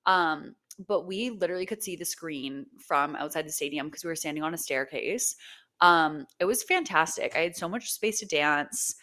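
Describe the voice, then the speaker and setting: A woman's voice: deep voice, expressive, normal speed, pushed and bright. A young woman co-hosting a podcast in casual chat, gushing and swearing freely, with lots of "like" and "um". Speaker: podcast co-host.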